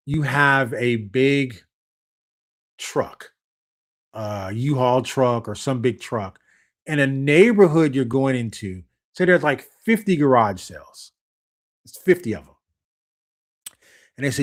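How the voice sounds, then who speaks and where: Man, live-stream host, mid pitch, loose and chatty, repeats himself and checks in with his audience often. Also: animated, unhurried. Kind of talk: casual live-stream talk to viewers.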